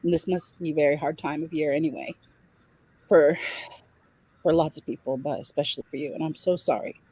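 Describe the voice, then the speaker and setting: A woman co-hosting a casual livestream chat, gently and sympathetically addressing viewers. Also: low-pitched, steady tone, a little fast, slightly rough, no echo. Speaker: livestream co-host.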